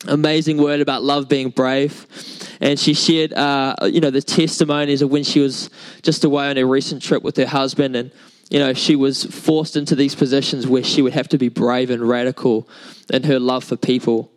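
A man's voice: mid-range voice, level tone, normal speed, poor audio. A young man, preaching a sermon in a casual, chatty storytelling way with many fillers. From New Zealand. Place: church service.

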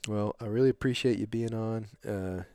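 A middle-aged man hosting a podcast, telling a long story in a rambling, animated way with lots of fillers. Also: on the low side, normal speed, smooth, no room sound. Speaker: podcast host. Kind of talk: casual storytelling chat.

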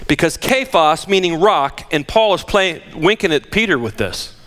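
An older man preaching a sermon, emphatic and animated, firing rhetorical questions at the congregation. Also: a little high, normal speed. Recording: long hall reverb.

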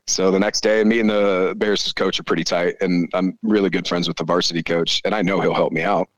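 A man, probably in his forties, telling a story in a casual chat, animated and full of swearing. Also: deep voice, fairly quick, dry recording, poor audio. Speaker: podcast guest.

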